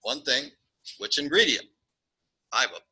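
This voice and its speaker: A man's voice: medium pitch, moderate pace, noisy background. A man teaching a statistics class, joking and acting out little scenes as he works through problems. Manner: jokey, animated, acts out little scenes. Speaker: statistics lecturer. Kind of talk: classroom lecture.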